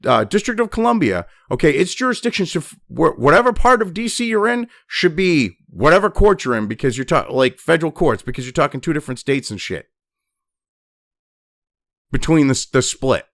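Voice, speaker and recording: A man's voice: fairly high pitch, fairly bright tone, dry recording, clean studio sound. A man hosting a news commentary show, ranting angrily and swearing constantly. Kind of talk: angry profane rant.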